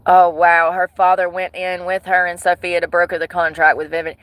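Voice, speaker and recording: Chatty bright-voiced woman vlogger. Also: fairly low pitch, brisk, slight background noise. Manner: animated, swears, breaks into laughter. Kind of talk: casual gossip chat to viewers.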